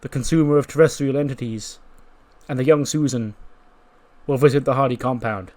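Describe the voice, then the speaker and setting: A man voicing a grandiose male wrestler who narrates a creepy tour in a slow, theatrical, pompous way. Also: mid-range voice, a little mellow, lightly acted.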